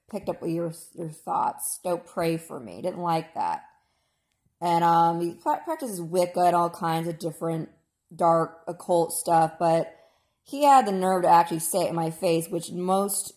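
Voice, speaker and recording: A woman vlogger telling a rambling personal story in a casual, emphatic way, with sudden jumps in pitch and loudness.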